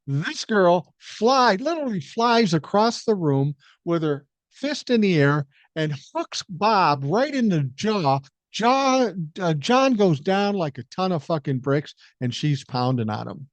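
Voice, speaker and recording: A man's voice: sits high, big pitch swings, slow, hardly any pauses, dry recording. An older man with a Minnesotan accent hosting a solo podcast, telling a profane story and acting out the quotes. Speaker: podcast host. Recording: dry, slightly dull podcast mic.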